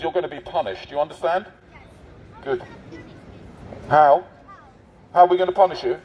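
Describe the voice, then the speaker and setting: Man doing a satirical street bit; high voice, muffled outdoor camera audio. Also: darkish tone. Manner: mock-officious, teasing, addresses passers-by. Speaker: street prankster posing as covid marshal. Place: busy city street outdoors. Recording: dull lo-fi street recording.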